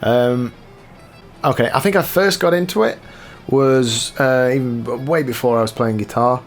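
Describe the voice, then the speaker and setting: Brief: guy, a guitarist doing a casual Q&A, mid-pitched and laid-back, lots of ums. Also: moderate pace, faint music behind. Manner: rambling and relaxed with frequent ums, reading out questions. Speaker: guitar cover musician answering viewer questions. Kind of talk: casual Q&A chat.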